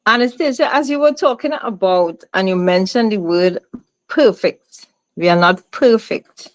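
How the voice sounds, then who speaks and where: A woman's voice: mid-range voice, a little slow, lo-fi sound. A woman moderating a group discussion, calling on speakers and asking questions. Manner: calls on speakers, asks questions.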